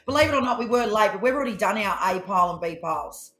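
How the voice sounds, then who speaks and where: A woman, co-hosting a live tarot stream in rambling, animated casual chat. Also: mid-range voice, fast. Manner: chatty, rambling, animated storytelling. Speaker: tarot reader co-host.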